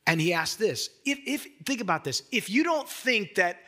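A man's voice: high voice, big pitch swings, moderate pace, pushed and bright. A man pastor delivering a sermon in an emphatic, conversational way, addressing the listeners with direct questions.

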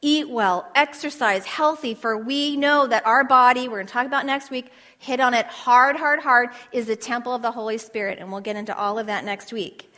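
A woman preaching to a room of women, her voice pitched a little high. She talks with fervent passion, rising into loud declarations and then dropping to hushed asides, and asks her audience questions. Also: moderate pace, hardly any pauses, big-room sound. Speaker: women's Bible teacher. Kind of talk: passionate sermon.

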